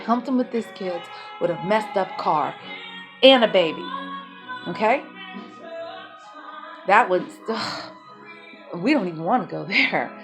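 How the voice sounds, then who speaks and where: A woman's voice: mid-range voice, animated, a little slow, long pauses, music in the background. A woman telling her own life story as a mother, emotional and rambling, speaking bluntly and swearing.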